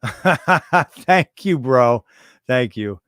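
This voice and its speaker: A man's voice: medium pitch, animated, extremely slow, a bit bright, smooth, no echo, clean studio sound. A man hosting a casual livestream, rambling in irreverent, conspiratorial banter with his chat. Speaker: livestream host.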